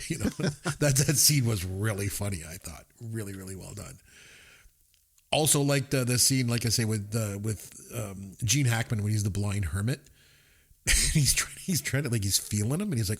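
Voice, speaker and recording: A man's voice: lowish voice, moderate pace, breathy edge. A man co-hosting a podcast, rambling casually through a movie review and laughing as he retells scenes. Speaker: podcast co-host.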